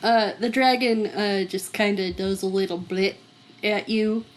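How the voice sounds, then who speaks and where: A woman with a Southern American lilt runs a tabletop game. She stumbles through her descriptions, full of fillers and restarts. Her voice sits at a middling pitch. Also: fairly even intonation, measured pace, low-quality recording. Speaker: game master.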